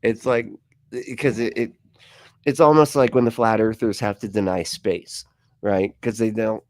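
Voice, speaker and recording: A man hosting a casual livestream chat, talking quickly and with energy, laughing and swearing often and jumping into mocking voices when he quotes people. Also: on the low side, fairly even intonation, no room sound, studio quality. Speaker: livestream host.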